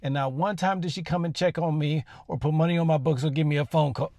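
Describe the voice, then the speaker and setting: A man voicing an earnest, lovestruck eight-year-old boy, speaking slowly and crooning a love song. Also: on the high side, steady tone, darkish tone, no room sound, clean studio sound, pitched above the performer's own voice, close to an everyday voice. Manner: sincere, slow, singing love songs.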